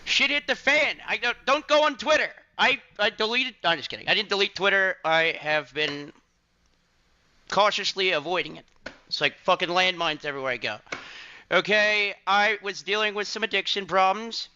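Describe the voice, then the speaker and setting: Man, high voice, very sharp bright tone, streamer apology, hesitant and halting. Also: a little hiss or hum. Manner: halting, hesitant, self-deprecating. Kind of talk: apology video. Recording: dull lo-fi clip audio.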